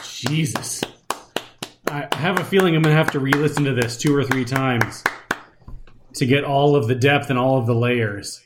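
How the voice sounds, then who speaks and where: Casting note: male co-host, relaxed banter, wry and self-deprecating, mid-pitched voice. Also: moderate pace, noisy background. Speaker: podcast co-host. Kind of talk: casual chat.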